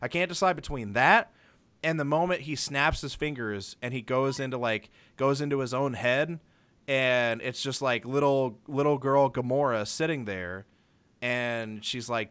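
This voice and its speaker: A man's voice: medium pitch, measured pace, fairly bright tone, smooth. A young adult man co-hosting a podcast, rambling through a film review and acting out favorite scenes. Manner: rambling, acts out scenes in retelling. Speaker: podcast co-host. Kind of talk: casual film review chat.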